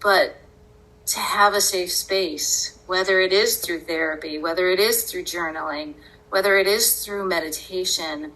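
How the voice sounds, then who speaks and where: A woman hosting a podcast, telling a personal story in an earnest, unhurried way and often breaking into laughter. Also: on the low side, bright, forceful tone, rough recording. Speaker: podcast host.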